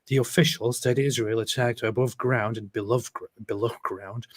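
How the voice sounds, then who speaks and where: A man's voice: medium pitch, fairly even intonation, moderate pace, few pauses, no room sound. Wry man hosting a livestream. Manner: wry, sarcastic asides. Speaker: host. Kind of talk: casual livestream chat, reading news aloud.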